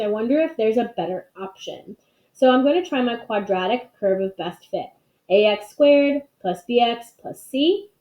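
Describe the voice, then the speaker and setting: A woman teaching a math lesson over a screen recording, explaining clearly in a conversational way. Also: mid-range voice. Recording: echoey, dull lo-fi sound.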